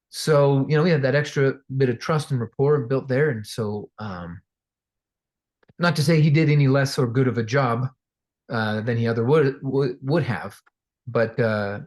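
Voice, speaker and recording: A man teaching real estate investing in a casual storytelling way, talking conversationally and acting out voices of the people in his anecdotes. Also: medium pitch. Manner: animated, acts out quoted voices; conversational with fillers and restarts.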